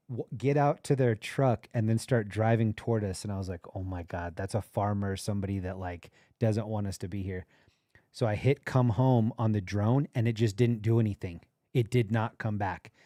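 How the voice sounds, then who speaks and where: A livestream host with a lowish, warm voice tells a long, rambling anecdote during casual chat, quoting the people in his story. His intonation stays fairly even at a normal speed. The audio is studio quality with no echo.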